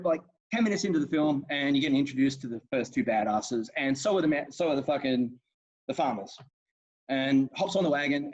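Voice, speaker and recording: A man co-hosting a podcast, retelling film scenes in a rambling, profane, enthusiastic way. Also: medium pitch. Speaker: podcast co-host. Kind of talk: casual film chat. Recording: dull lo-fi sound.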